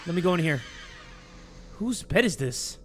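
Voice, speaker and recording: A young man playing a horror game and commentating, joking, swearing and yelling when startled. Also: a little high, normal speed, heavy background noise. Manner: excitable, joking, profane, yells when startled. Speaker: gaming video host. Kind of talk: let's play commentary.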